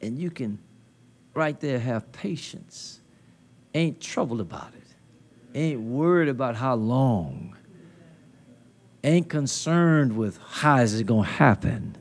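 A man preaching a sermon at a conference into a handheld mic, building to loud emphatic call-and-response peaks with folksy, colloquial phrasing. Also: mid-range voice, lively intonation, takes it slowly, long pauses. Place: conference hall.

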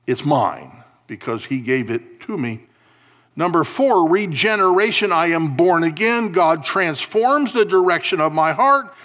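Male pastor, sermon delivery, drawn-out emphasis, quiet asides. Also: fairly high pitch. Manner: emphatic preaching, stretches key words, drops to quiet asides.

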